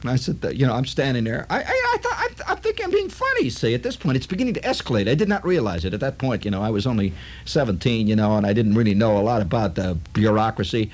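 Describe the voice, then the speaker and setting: Husky male storyteller, lively up-and-down pitch, rambling and halting delivery. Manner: rambling, halting, full of asides and restarts. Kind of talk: spoken storytelling monologue.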